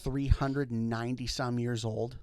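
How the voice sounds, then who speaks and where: A man's voice: mid-range voice, level tone, a little slow, darkish tone, no room sound. A man co-hosting a casual podcast, playful and teasing. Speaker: podcast co-host. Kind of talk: casual chat.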